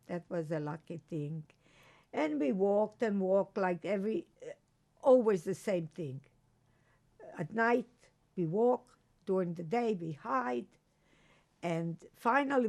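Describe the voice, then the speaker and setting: Older lady from croatia telling her story, slow and halting, gravelly voice. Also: medium pitch, mellow. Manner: slow, halting recollection with restarts. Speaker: interviewee. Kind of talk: oral history testimony.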